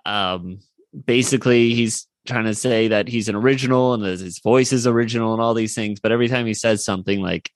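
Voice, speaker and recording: A man co-hosting a fan podcast, recapping a cartoon episode in a rambling, animated way with many fillers. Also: on the low side, a little fast, no echo. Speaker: podcast co-host.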